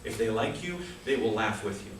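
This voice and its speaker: A man with a fairly low voice and lively intonation talks a little fast while giving a prepared humorous speech, a story dotted with comic asides, at a speaking club. The echoey club room is recorded from a distance, with slight hiss or hum.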